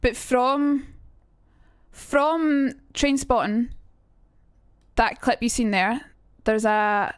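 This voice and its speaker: A woman's voice: fairly high pitch, fairly even intonation, very slow, pauses often, clear, resonant tone, dry recording, studio quality. A young woman chatting casually on a live stream, rambling and cutting herself off. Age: young adult. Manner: chatty, rambling, self-interrupting.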